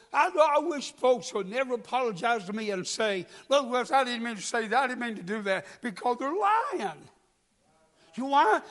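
A man's voice: extremely high pitch, a bit bright. A male preacher, delivering a folksy sermon and asking the congregation questions. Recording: long hall reverb.

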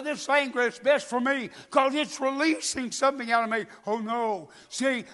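A man's voice: extremely high pitch, a bit bright. A male preacher, delivering a folksy sermon and asking the congregation questions. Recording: long hall reverb.

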